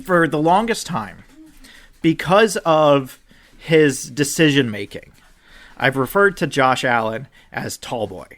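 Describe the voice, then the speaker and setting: A young man hosting a casual podcast, ranting with animated outbursts, swearing, and swinging between loud shouts and low muttering. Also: takes it slowly. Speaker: podcast co-host.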